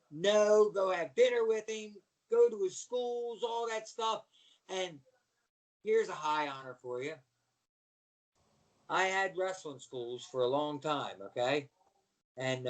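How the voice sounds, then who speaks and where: Animated, fairly high-voiced middle-aged man. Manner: animated storyteller, repeats "you know what I mean". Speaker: guest, former pro wrestler. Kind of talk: casual chat.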